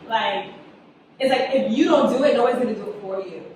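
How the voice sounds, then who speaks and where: A woman's voice: fairly high pitch, fast. A young adult woman, a guest writer and director, chatting casually in an interview, telling stories animatedly and acting out quotes with frequent laughs. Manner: animated storyteller, acts out quotes, laughs often. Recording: echoey room, distant mic, background noise.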